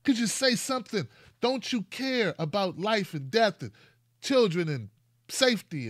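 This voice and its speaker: A man hosting a casual commentary show, talking in an animated, sarcastic way with rhetorical questions and mock conversations. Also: high-pitched, measured pace, no echo, clean studio sound. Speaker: host.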